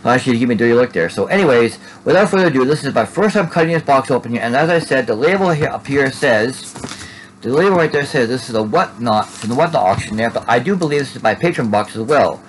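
A man's voice: mid-range voice, expressive, fast, a little hiss or hum, rough recording. A man casually narrating an unboxing at home, rambling and tacking "there" onto his sentences. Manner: rambling, repeats "there" and restarts often. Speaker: Funko collector vlogger.

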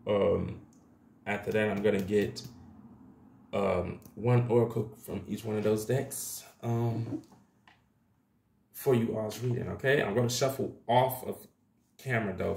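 A man's voice: on the low side, vocal fry, a little mellow, a little hiss or hum. A man doing a casual tarot reading to camera, talking loosely and chattily with plenty of slang, calling his viewers y'all. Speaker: tarot reader. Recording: echoey room.

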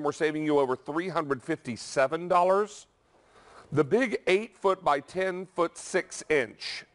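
A man hosting a home shopping broadcast, reading out prices and savings in an upbeat, salesy way. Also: fairly high pitch. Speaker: shopping channel host. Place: TV studio.

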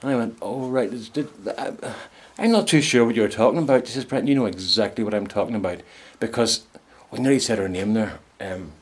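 A man's voice: lowish voice, fairly quick, slightly rough. A man casually telling a funny personal anecdote, rambling along and chuckling at his own story.

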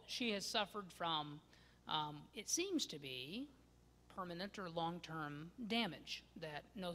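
A man preaching a sermon from a church, swinging between loud emphasis and hushed asides. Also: high voice. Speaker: pastor. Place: church sanctuary. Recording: long church-hall reverb.

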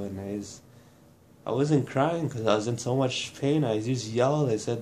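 A man from Manitoba, Canada, giving a personal testimony in a halting, restarting way, blunt and swearing at times. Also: mid-range voice, a little hiss or hum. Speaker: burn survivor telling his story.

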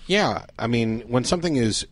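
A man co-hosting a podcast, talking in a measured, thoughtful way in casual chat. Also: mid-range voice, expressive. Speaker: podcast co-host.

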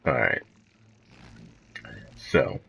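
A man doing let's play commentary, jumpy and profane, joking at himself and shrieking high whenever something startles him. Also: drawn-out words, bright, forceful tone. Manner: profane, joking, self-mocking. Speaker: gaming channel host.

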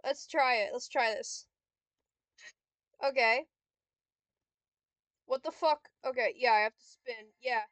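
A woman's voice: fairly high pitch, slow pace, pauses often, a bit bright, dry recording. A young woman giving casual gameplay commentary, swearing and snapping frustrated insults at a computer opponent. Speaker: gamer vlogger.

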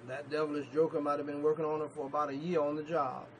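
This is a man, delivering a sermon as a pastor. His voice sits a little high with a gravelly edge, and he swings from quiet asides to loud emphatic bursts, repeating phrases for force. A faint hum of room ambience runs behind him. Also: flat delivery, quick pace, low-quality recording. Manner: emphatic preaching with repetitions and sudden loud peaks.

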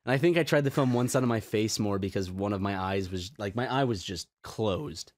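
A man's voice: on the low side, a little fast, dry recording, clean studio sound. A young man co-hosting a casual chat, telling stories in a rambling way with many stops and restarts. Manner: rambling storyteller, full of fillers and restarts. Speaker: podcast co-host.

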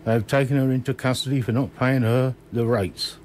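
A man reading as a calm, practical father. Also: medium pitch, fairly quick, a little hiss or hum, close to an everyday voice.

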